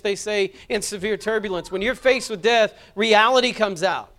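A male pastor preaching with earnest, impassioned urgency. His voice sits high for a man and comes through smooth and resonant, pressing his listeners with direct appeals. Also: moderate pace, few pauses, a bit bright. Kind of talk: sermon.

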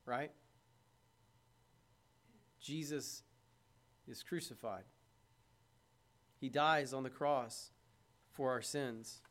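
A man with a medium-pitched, steady voice preaches conversationally, drawing out his words and leaving long pauses. He asks the congregation questions and swings from loud emphasis to hushed moments.

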